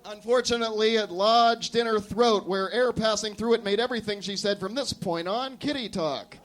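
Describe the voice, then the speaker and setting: High-voiced man reading a comic story. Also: moderate pace. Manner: deadpan absurd storytelling. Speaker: performance artist. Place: café.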